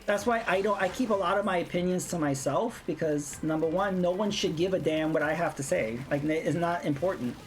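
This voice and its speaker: A woman's voice: lowish voice, a little fast, few pauses. A woman streamer ranting bluntly in casual chat while playing a game, swearing freely. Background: faint game music.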